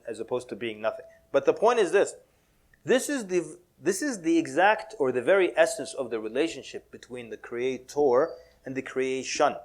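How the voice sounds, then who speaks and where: Animated man giving a mosque talk. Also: a little high. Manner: animated, playful, drops Arabic words, laughs often. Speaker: Muslim speaker giving a talk. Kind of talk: lively talk at a mosque with jokes and acted quotes. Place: mosque hall with audience.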